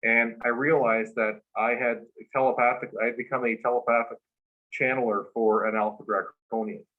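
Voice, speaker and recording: A man, a guest, casually telling a long story, animated and full of fillers. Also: mid-range voice, moderate pace. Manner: animated retelling with many fillers. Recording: dull lo-fi recording.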